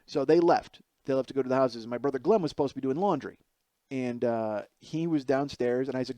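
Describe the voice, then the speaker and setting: A man in his forties tells a comic story on his own podcast, rambling and swearing freely as he pokes fun at himself. His voice sits at a mid pitch. He speaks into a headset mic, and the sound is dry and close, with no room echo. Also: fast talker, dark tone. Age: 40s. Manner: rambling, profane, self-deprecating. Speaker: comedian podcast host.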